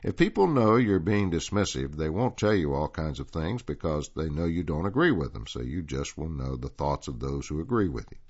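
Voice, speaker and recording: A man reading articles aloud and then telling a story as host of a reading service program, in a calm, measured way. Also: very deep voice, slightly rough, dull audio. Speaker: volunteer radio reader and host.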